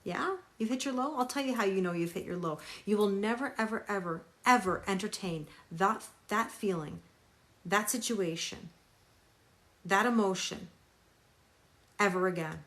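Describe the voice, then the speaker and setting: A woman's voice: mid-range voice, moderate pace, fairly bright tone. A woman tarot reader on a live stream, talking emphatically, repeating phrases for stress and greeting viewers by name.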